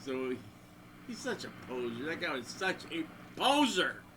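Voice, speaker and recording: A man with a somewhat high, sing-song voice talks at a normal speed over a noisy background. He's a guitarist and channel host, telling a crude, rambling anecdote between bits of guitar playing and acting out the voices of the people in his story.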